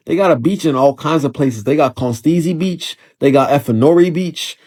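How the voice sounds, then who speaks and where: A man's voice: on the high side, normal speed, hardly any pauses, a little mellow, breathy edge. Guy ranting into his phone camera, sarcastic then hyped, keeps rambling. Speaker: travel vlogger. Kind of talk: sarcastic vlog rant.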